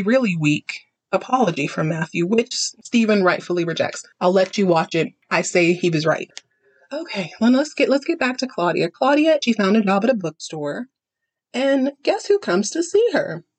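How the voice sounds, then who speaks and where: A woman's voice: medium pitch, no room sound. A woman hosting a podcast, giving a sassy, dramatic, chatty recap of a TV episode. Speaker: podcast host. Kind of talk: casual TV recap commentary.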